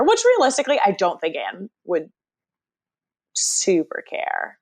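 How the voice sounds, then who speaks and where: A woman's voice: medium pitch, huge pitch swings, moderate pace. A woman co-hosting a podcast who recaps TV episodes in casual chat and acts out quotes from the scenes. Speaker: podcast co-host.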